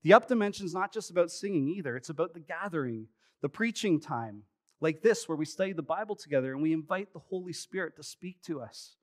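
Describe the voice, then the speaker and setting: With lively intonation and a fairly quick delivery, a pastor in his thirties with a slightly high voice preaches to his congregation in the church sanctuary during a live service. He tells chatty stories and happily makes himself the butt of the joke.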